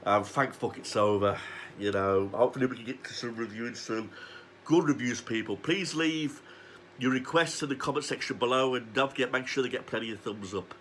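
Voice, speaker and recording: A man's voice: mid-range voice, brisk, fairly bright tone, a little hiss or hum. A man, ranting sarcastically and swearing as he reviews a wrestling show. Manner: foul-mouthed, sarcastic ranting.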